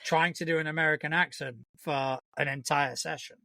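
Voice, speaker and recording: A man's voice: a little high, steady tone, a little fast, creaky, bright, forceful tone, no room sound. A man co-hosting a podcast in casual chat, thinking aloud and swearing casually. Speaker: podcast co-host.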